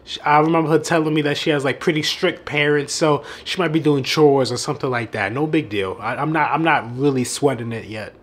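Young man telling a story, slightly high voice. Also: brisk, few pauses. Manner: laughs often, swears freely, animated self-mocking storytelling. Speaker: dating coach. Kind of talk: casual storytelling vlog.

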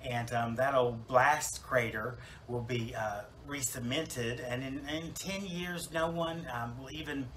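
A preacher in character uses a medium-pitched voice, slow yet with hardly any pauses and lightly acted, to play a chatty, self-absorbed woman salon owner newly dead in heaven. This comic church monologue rambles wryly with fillers and restarts, over a noisy background.

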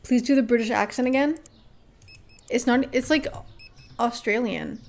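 A woman chatting casually with her viewers while she plays through a game. Her voice sits a little high, and she talks offhandedly, reading out items to herself and dropping the odd swear word. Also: moderate pace, darkish tone. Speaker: livestreamer. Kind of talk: casual live-stream chat while gaming.

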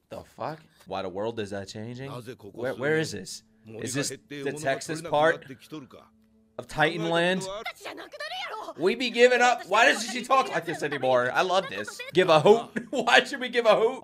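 A young man reacting to an anime episode, excitable and profane, yelling at the characters on screen. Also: mid-range voice. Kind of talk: live anime reaction commentary. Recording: music from the show playing behind.

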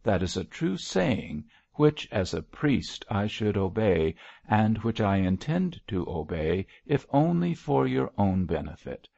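Brief: man voicing an old bishop, grave and reproachful, gravelly low voice, dull lo-fi sound. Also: big pitch swings, a little slow, warm tone, no echo, heavily acted. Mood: stern. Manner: solemn, reproachful. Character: elderly male bishop, mild but stern. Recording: dull lo-fi dry recording.

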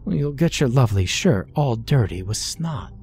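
A man voicing a loving, dying old grandmother who speaks softly and soothingly in a horror story. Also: medium pitch, expressive, normal speed, a little hiss or hum, pitched above the performer's own voice, close to an everyday voice. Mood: tender. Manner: soft, tender, soothing.

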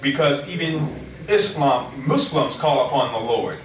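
An American man, a soldier, arguing back in a debate, halting and restarting as he tries to get a word in. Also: medium pitch, animated, slight background noise. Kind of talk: argumentative exchange. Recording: roomy and distant, faint ambience.

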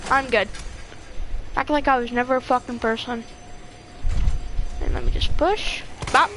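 A woman's voice: a little high, measured pace, fairly bright tone, soft background music. A young woman giving gameplay commentary, swearing constantly and talking to herself and the screen. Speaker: gamer.

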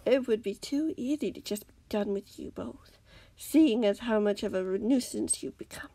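A woman reading aloud, voicing a cold, scheming male villain who speaks calmly and menacingly. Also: on the high side, normal speed. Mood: cold taunting. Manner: calm, menacing, sometimes whispered.

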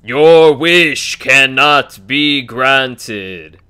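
A man voicing a deep, god-like male dragon who grants wishes, speaking slowly and solemnly. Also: pushed and bright, clear, resonant tone. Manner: slow, solemn, drawn-out delivery.

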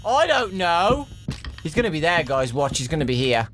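A man's voice: fairly high pitch, big pitch swings, normal speed, fairly bright tone, faint music behind. A young man playing a horror game for viewers, talking his way through it with nervous, jumpy muttering. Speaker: gaming YouTuber. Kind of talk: horror game let's play commentary.

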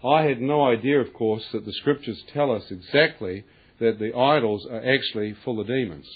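A man giving a lively, colloquial testimony sermon, acting out the voices of others and laughing often. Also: mid-range voice, moderate pace. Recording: tinny lo-fi, husky.

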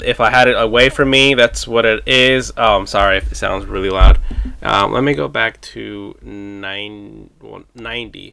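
A man's voice: medium pitch, creaky, clean tone, no echo. A man casually demoing a USB microphone at home, thinking aloud as he tries its settings, with his distance from the mic changing as he goes. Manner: relaxed, chatty, thinks aloud while testing. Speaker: tech reviewer. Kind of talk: casual product demo. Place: indoor home setup. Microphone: USB condenser mic under test, distance varies.

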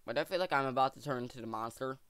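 A man commentating his own gameplay for viewers, jokey and excitable as he thinks out loud. His voice sits at an ordinary middle pitch. It is recorded close and dry, with no room sound. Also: rapid-fire, clean tone, dry recording. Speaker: gaming channel host. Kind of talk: let's play commentary.

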